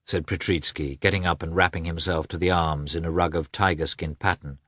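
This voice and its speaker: A man narrating a classic novel as an audiobook, in an expressive, measured way. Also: deep voice, no room sound, studio quality.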